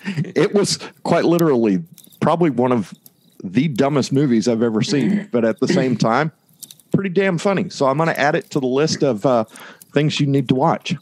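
A man's voice: medium pitch, animated, moderate pace, darkish tone, dry recording. A man with a mid-range voice, chatting casually and telling a long story. He acts out the quoted lines as he goes, in a loose, easygoing way. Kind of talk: casual chat.

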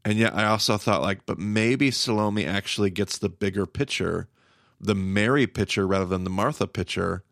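A man with a low, gravelly voice co-hosts a casual podcast, musing through his thoughts and answering with quick nods of agreement. The sound is dry and close-miked. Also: fairly bright tone, no room sound. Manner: reflective, thinks aloud, quick agreements. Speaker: podcast co-host.

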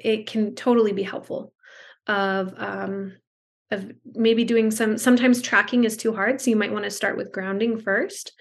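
A woman, a speech-language pathologist, telling stories in casual conversation, chatty with fillers and restarts, over a video call. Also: mid-range voice. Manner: chatty, many fillers and restarts, acts out quotes.

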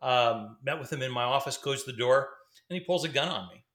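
A man's voice: mid-range voice, fairly quick, fairly bright tone. A middle-aged man, a former pastor, telling a story casually, rambling with fillers and restarts. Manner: rambling, fillers and restarts, laughs between sentences. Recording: roomy echo.

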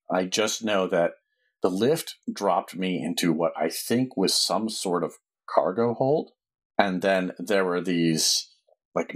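A man's voice: low-pitched, breathy edge, heavily acted. A man voicing a battered guide who leads the party, talking in a plain, earnest way during a tabletop game.

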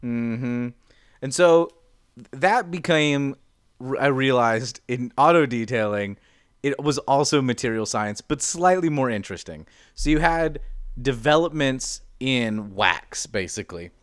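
A man's voice: medium pitch, animated, unhurried, fairly bright tone, clear, resonant tone, no room sound, clean studio sound. A young man in casual chat as podcast cohost, explaining with lots of fillers and restarts. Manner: rambling explainer, many fillers.

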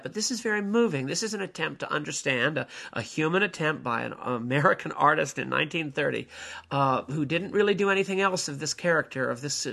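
Older male lecturer, bright tone, halting delivery full of fillers. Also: on the high side, creaky. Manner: hesitant, many fillers and restarts. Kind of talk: lecture on theology and drama.

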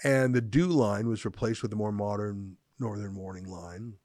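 A man's voice: fairly low pitch, normal speed, warm tone, dry recording, clean studio sound. A man giving sarcastic political commentary with a mocking edge. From Canada. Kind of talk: opinion commentary.

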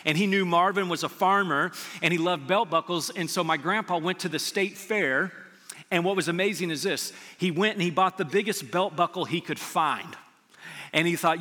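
Earnest preacher in a reverberant hall. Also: male voice, high voice, moderate pace, sharp tone. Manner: earnest storytelling preacher, rising to emphatic peaks. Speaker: pastor. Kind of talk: sermon. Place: church sanctuary.

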